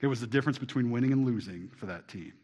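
A pastor preaches a sermon, posing rhetorical questions to the congregation and swinging between loud emphasis and quiet asides. He has a medium-pitched voice and speaks rapid-fire, captured with lo-fi sound.

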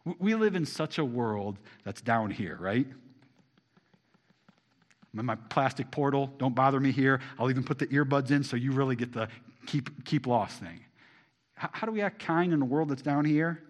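A man preaching a sermon to a congregation, asking them rhetorical questions and swinging between loud emphasis and quiet asides. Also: medium pitch, lively intonation, normal speed. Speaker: pastor.

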